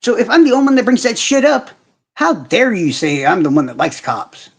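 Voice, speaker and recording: A man's voice: high voice, expressive, fairly quick, husky. A man hosting a casual livestream, ranting in heavy profanity and answering viewers' comments directly. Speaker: livestream host.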